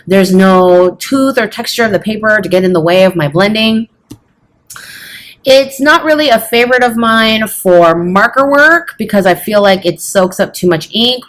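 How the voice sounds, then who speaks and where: A woman teaching fashion illustration in a chatty, casual tutorial, teasing herself and checking in with "okay?". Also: medium pitch. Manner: chatty, self-teasing, says "y'all" and "okay?".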